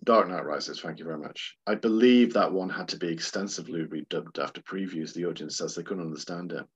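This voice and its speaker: A man's voice: low voice, brisk, husky. A man co-hosting a podcast, talking about films in a chatty, rambling way and laughing often. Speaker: podcast co-host. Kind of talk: casual film discussion. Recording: slightly dull lo-fi sound.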